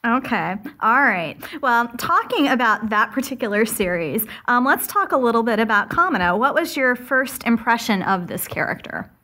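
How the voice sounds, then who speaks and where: A woman interviews her guest with friendly, brief questions and quick murmurs of agreement, laughing along as he talks. Her voice sits a little high and moves lively through each question.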